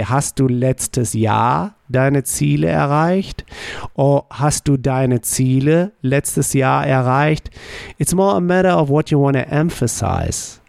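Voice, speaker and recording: A man teaches a podcast language lesson at an unhurried, measured pace. He sets each phrase up as a question and then answers it himself. His voice is gravelly and mid-pitched, recorded dry and close. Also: a little mellow, no room sound. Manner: slow, deliberate drilling with question-and-answer prompts.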